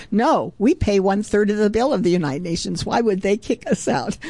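A woman's voice: mid-range voice, a little fast, few pauses, warm tone, no room sound. A woman hosting a devotional radio ministry program, talking earnestly and fervently, with frequent exclamations of praise and a chatty, conversational manner. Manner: chatty and conversational, with fillers and restarts.

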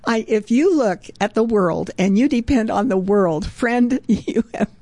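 A woman hosts a devotional radio ministry show in a warm, mellow voice, earnest and fervent, often breaking into praise. Her delivery is chatty and conversational, with small restarts, and the recording is close and dry with no room sound. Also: on the high side, animated, unhurried, no room sound.

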